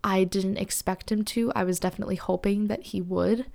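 A young woman hosting a podcast, telling a personal story candidly with many fillers and breathy whispered asides. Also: mid-range voice, steady tone, a little fast, darkish tone. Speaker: podcast host.

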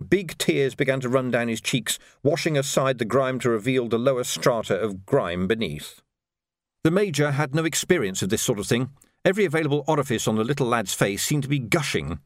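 A man narrating an audiobook in a wry, expressive storytelling manner. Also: medium pitch, fairly quick, dry recording, clean studio sound. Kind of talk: scripted narration.

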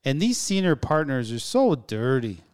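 A man in casual conversation, telling animated stories and repeating phrases as he talks. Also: mid-range voice, normal speed, clear, resonant tone. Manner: animated storyteller, repeats himself.

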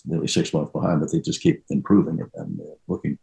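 A man's voice: rumbling low, flat delivery, fast, gravelly, mellow, rough recording. An older actor being interviewed, telling rambling anecdotes and trailing off as he reminisces.

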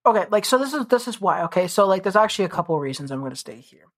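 A woman's voice: mid-range voice, big pitch swings, racing. A woman co-hosting a podcast in casual chat, rambling with many fillers. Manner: rambling, heavy use of "like" fillers. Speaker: podcast co-host.

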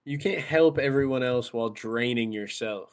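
A man co-hosting a podcast in casual chat, laid-back and profane, mostly chiming in with quick short reactions. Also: mid-range voice. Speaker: podcast co-host.

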